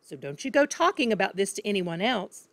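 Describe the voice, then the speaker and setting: A blustering, bragging father who cheats his customers and shouts when crossed, as a woman reads him. The voice is loud and pleased with itself, in a dry, close room with no echo. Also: mid-range voice, big pitch swings, brisk, lightly acted. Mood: boastful. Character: boastful crooked car-dealer father, loud and proud.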